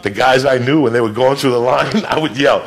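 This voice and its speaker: A middle-aged man, a stand-up comedian, telling loud, profane, rapid-fire stories in a rant. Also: medium pitch, very noisy.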